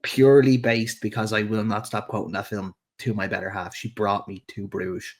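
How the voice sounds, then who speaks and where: A man's voice: fairly low pitch, level tone, moderate pace. A man co-hosting a football podcast, laid-back, swearing casually and laughing easily. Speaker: podcast co-host.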